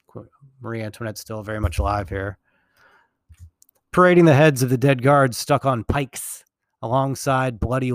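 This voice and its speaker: A man giving a recorded history lecture in a relaxed, wry way, correcting himself and adding small jokes as he goes. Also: medium pitch, no room sound, clean studio sound.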